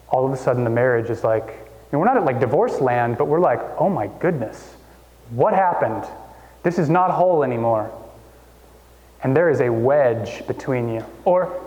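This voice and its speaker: A man in his thirties preaching a sermon in a church, conversational and animated, jumping up in pitch to make a point. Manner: conversational, animated storytelling with sudden pitch jumps. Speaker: pastor. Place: church hall. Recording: long hall reverb.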